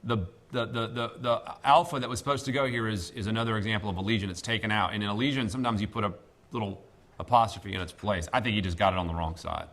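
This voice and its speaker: Man, professor, low voice, halting classroom lecture, lots of fillers. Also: fairly bright tone. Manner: deliberate, halting, many fillers. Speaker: seminary professor.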